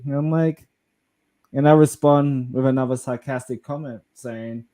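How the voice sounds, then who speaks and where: A man's voice: medium pitch, steady tone, a little slow, warm tone. A young Australian man, a podcast co-host, telling a crude story in casual chat, swearing and laughing as he goes.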